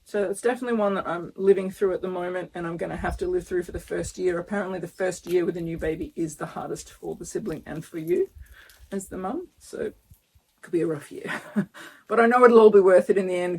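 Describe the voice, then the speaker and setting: A woman's voice: fairly low pitch, brisk, gravelly, darkish tone, husky. A woman, talking earnestly and emotionally in a casual vlog, filmed outdoors in front of her house. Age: 50s. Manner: emotional, earnest, close to tears. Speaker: vlogger. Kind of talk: casual pregnancy update vlog.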